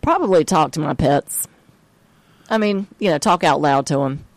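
A man's voice: a little high, expressive, moderate pace, dry recording. A man co-hosting a radio show, chiming in with short, amused reactions in casual banter. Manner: short reactive interjections, chuckles along. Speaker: radio co-host.

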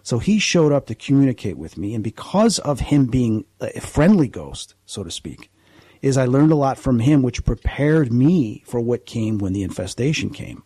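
A man's voice: mid-range voice, sing-song, normal speed, dark tone, husky, no room sound. A man who investigates the paranormal, a guest on a radio interview, explaining at length in an earnest, rambling way with frequent restarts.

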